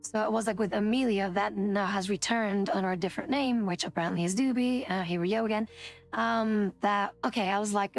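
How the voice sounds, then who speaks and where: A woman's voice: mid-range voice, fairly even intonation, fairly quick, soft background music. A woman streamer chatting casually, indignant and rambling, swearing often. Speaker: VTuber streamer.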